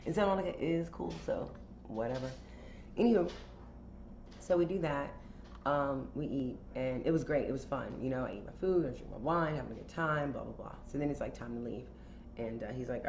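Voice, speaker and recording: A woman's voice: rumbling low, fairly quick, vocal fry, a little mellow. A woman telling a casual, candid story for a podcast, chatty and profane, full of fillers. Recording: roomy, dull sound with faint noise.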